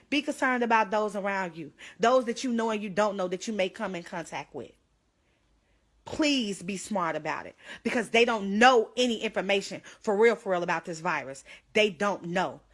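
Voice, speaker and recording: Sharing her illness on a livestream, a young woman speaks into her phone with urgent pleas, sometimes close to tears. She has a mid-range, fairly bright voice.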